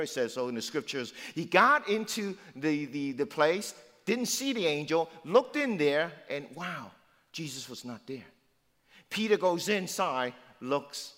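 A man preaching an Easter sermon, retelling the story with swings from loud to hushed. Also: fairly high pitch, long reverb tail. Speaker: pastor.

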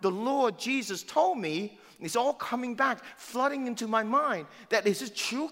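A man preaching an Easter sermon, retelling the story with swings from loud to hushed. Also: very high-pitched, animated, unhurried, few pauses, big-room sound. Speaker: pastor.

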